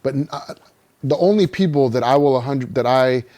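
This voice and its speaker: A man's voice: mid-range voice, normal speed, warm tone. Reflective middle-aged man chatting. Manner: reflective, frequent agreeing backchannels. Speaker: podcast co-host. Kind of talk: casual chat.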